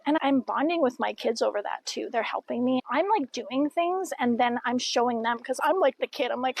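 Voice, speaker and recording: Woman, middle-aged, casual vlog talk, encouraging, slightly high, gravelly. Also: moderate pace, a little hiss or hum, poor audio. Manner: upbeat, encouraging, chatty. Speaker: vlogger and podcaster. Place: outdoors by a river.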